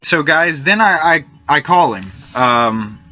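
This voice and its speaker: Nervous, bright-voiced young-sounding man. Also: a little high, expressive, lo-fi sound. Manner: hesitant, halting, many fillers and restarts. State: nervous and frightened. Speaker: YouTube channel host. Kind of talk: casual narration over screenshots of messages.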